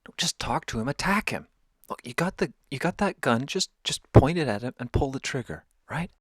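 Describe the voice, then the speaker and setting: A man voicing a pompous, pushy French army officer who shouts orders and whines when he is refused. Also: mid-range voice, expressive, a little fast, breathy edge, dry recording, clean studio sound, voice pushed up. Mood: pushy, indignant. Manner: shouting commands, whining and wheedling.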